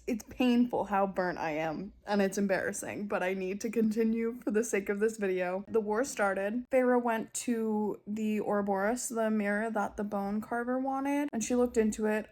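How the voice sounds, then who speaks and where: A woman's voice: on the high side, a little mellow. Gushing young woman book vlogger. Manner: gushing, emotional, lots of "like". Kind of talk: casual reading vlog. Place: at home on her couch.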